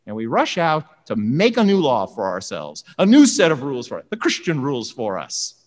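Animated preacher in a reverberant hall. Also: medium pitch, moderate pace. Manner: animated, conversational, acts out dialogue. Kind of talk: sermon.

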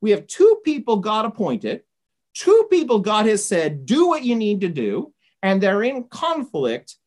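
A woman's voice: mid-range voice, wildly swooping pitch, unhurried, a little mellow. A woman giving an informal lecture, retelling a story conversationally and often checking in with "right?".

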